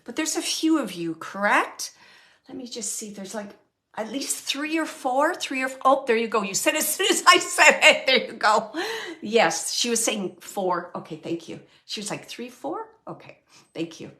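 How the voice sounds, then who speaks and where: A woman hosting a live mediumship reading, gently relaying spirit messages and often pausing to thank the spirit. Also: fairly high pitch, lively intonation. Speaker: psychic medium and show host.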